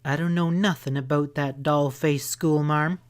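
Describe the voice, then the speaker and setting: A man's voice: a little high, fairly even intonation, unhurried, pitched above the performer's own voice, close to an everyday voice. A man voicing a fiery, defiant young cowgirl with a throaty voice in a western audiobook. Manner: curt, defiant. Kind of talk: audiobook character voice.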